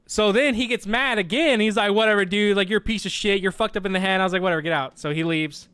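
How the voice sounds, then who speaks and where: With a high voice and a quick pace, a young man who streams tells a casual tale full of profanity and quoted back-and-forth lines. The recording is smooth with no echo, and his retelling is animated.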